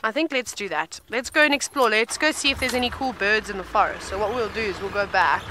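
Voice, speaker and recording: A woman's voice: medium pitch, a little fast, background noise. A woman safari guide giving chatty live commentary from an open vehicle outdoors and answering viewers' questions. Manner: chatty, informative, thinks aloud.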